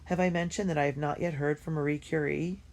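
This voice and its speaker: A woman reading a first-person diary story aloud in an earnest and expressive way. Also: sits low, fairly quick. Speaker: audiobook reader.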